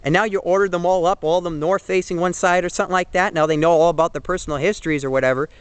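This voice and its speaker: A man's voice: high-pitched, fairly even intonation, racing, clear, resonant tone, no room sound. Earnest young man with dry sound. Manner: earnest, rambling, heavy with fillers and restarts. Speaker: vlogger. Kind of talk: casual opinion monologue to camera.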